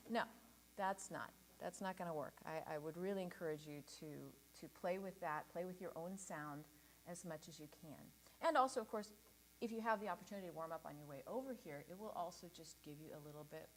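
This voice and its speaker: A woman leading a choir rehearsal, encouraging the singers and demonstrating breathing and staccato warm-up sounds. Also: fairly low pitch, slight background noise. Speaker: choir director.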